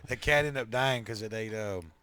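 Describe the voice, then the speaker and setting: A man's voice: on the low side, normal speed, bright, forceful tone, clear, resonant tone. A man, co-hosting a podcast, telling casual stories with plenty of swearing and acted-out quotes. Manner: profane storytelling, acts out quotes. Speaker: podcast co-host. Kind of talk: casual chat.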